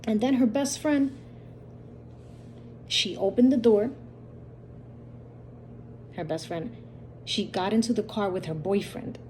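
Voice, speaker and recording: A woman with a mellow, warm voice tells a story from a dream in a loose, repetitive way, slipping into the quoted lines of the people in it. Her pitch sits in the middle range. A faint hiss runs under the recording. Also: slow, pauses often. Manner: rambling, repetitive retelling with quoted dialogue. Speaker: channel host. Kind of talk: casual storytelling about a dream.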